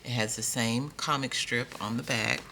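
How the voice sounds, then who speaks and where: Gravelly, chatty man unboxing a pen. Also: medium pitch, steady tone, normal speed, very noisy. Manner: chatty, repeats phrases, talks straight to viewers. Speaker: stationery vlogger. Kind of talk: casual unboxing haul video.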